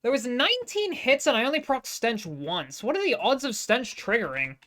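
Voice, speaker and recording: A woman's voice: fairly high pitch, very animated, normal speed, fairly bright tone. A young Australian woman giving casual, chatty live-stream commentary, swearing freely and making self-mocking asides. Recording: game music in background.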